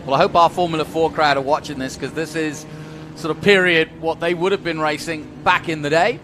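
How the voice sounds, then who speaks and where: A man's voice: a little high, brisk. Male co-commentator, playful banter. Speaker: race co-commentator. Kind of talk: live motorsport commentary. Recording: steady noise in background.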